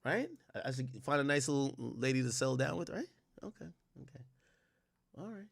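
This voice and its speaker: A man from Jamaica with an American accent, hosting a livestream and chatting quickly and directly to his viewers. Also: medium pitch, animated, vocal fry. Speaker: livestream host. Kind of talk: casual stream commentary.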